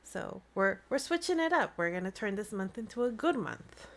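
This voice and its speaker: A woman hosting a live stream, chatting in a bubbly, excitable way into a desk mic. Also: mid-range voice, normal speed. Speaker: livestream host. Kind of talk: casual live-stream chat.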